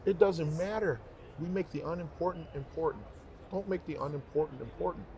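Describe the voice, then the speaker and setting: A man's voice: a little high, a little fast, crowd noise. A man who sings professionally, speaking as a guest in a casual interview chat, emphatic and heartfelt, repeating himself for stress. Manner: emphatic, animated storytelling.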